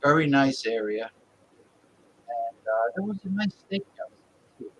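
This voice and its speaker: A man's voice: mid-range voice, expressive, measured pace, fairly bright tone, a little hiss or hum, low-quality recording. A man talking in a casual group chat, rambling with many fillers and restarts.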